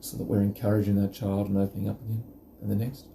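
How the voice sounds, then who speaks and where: Gentle aussie guy, deep mellow gravelly voice, calm parenting tips. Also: fast talker, slight background noise. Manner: calm, gentle and reassuring, modelling phrases aloud. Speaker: parenting educator. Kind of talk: talk on parenting advice.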